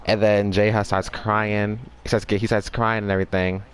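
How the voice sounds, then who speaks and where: A man's voice: on the low side, flat delivery, moderate pace. A man casually recapping a story, rambling with restarts and acting out the characters' lines.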